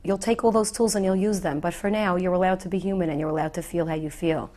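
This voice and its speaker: A middle-aged woman, herself widowed, speaking gently and earnestly to grieving women with reassuring repetition. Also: on the low side, fairly even intonation, quick pace. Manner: soft, earnest, reassuring, repeats key phrases. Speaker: widow giving advice to the bereaved. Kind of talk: gentle heartfelt talk to the viewer.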